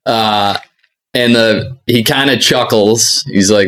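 A man hosting a podcast, telling a story in a casual, animated way. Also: fairly low pitch, slow pace. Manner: animated anecdotes with laughs and acted quotes. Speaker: podcast host.

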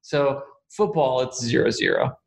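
A man's voice: medium pitch, huge pitch swings, measured pace, vocal fry. A man co-hosting a podcast, chatting casually and teasing his partner with a wry tone. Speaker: podcast co-host.

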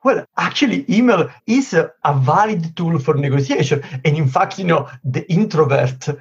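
Guy, husky slightly high voice, lots of "you know", muffled lo-fi sound. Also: normal speed. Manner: explanatory, many "you know" fillers, animated emphasis. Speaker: negotiation expert guest. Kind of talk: interview answers. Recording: dull lo-fi sound.

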